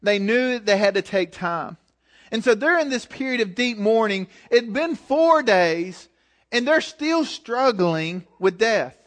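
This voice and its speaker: A man with a high-pitched voice preaches a sermon in a relaxed, conversational way. He drives his points home with emphatic, direct urging. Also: measured pace.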